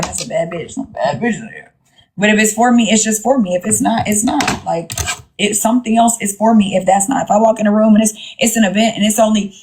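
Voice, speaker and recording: A woman's voice: medium pitch, a little mellow, a little hiss or hum. Blunt, profane woman livestreaming. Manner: blunt, profane, repeats herself. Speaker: livestream host. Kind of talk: casual livestream chat.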